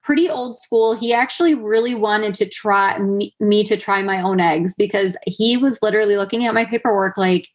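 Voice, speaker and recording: A woman's voice: medium pitch, moderate pace, hardly any pauses. A woman in her thirties, a podcast guest telling a personal story in a chatty way, full of fillers and quoted asides. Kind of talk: conversational storytelling.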